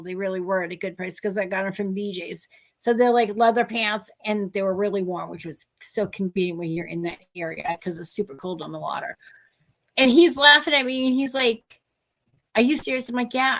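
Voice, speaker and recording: A woman co-hosting a casual talk show, telling animated stories and acting out what other people said. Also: on the high side. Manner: animated storyteller, acts out other people's lines. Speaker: podcast co-host. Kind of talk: casual chat, storytelling.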